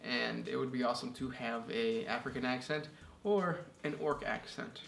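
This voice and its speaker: A man's voice: medium pitch, fairly even intonation, normal speed, creaky, a bit bright. A man co-hosting a casual chat and reading out listener questions in an easygoing way with many fillers. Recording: echoey room with faint noise.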